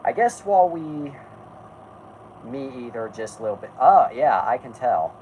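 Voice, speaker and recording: A man hosting a relaxed live stream at a middle pitch, his voice rising and falling widely. He talks in a halting, rambling way and keeps restarting his sentences as he chats with the audience and his co-hosts. A faint hum of noise sits behind him. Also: dull audio. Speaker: podcast host. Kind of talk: casual live-stream chat.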